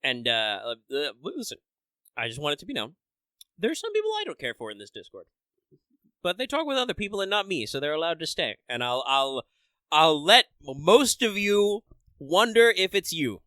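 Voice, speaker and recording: Co-hosting a podcast, a man chats loosely, swearing, restarting, cutting himself off, and dropping fillers as he rambles. His voice sits on the high side with wildly swooping pitch, brisk pacing, and a bright, forceful, clear, resonant tone. The studio sound is clean, with no room sound.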